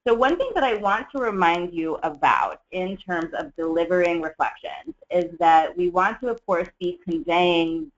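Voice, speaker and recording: A trainer teaching a skills webinar in a measured, explanatory way, with frequent fillers. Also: mid-range voice. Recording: dull lo-fi webinar audio.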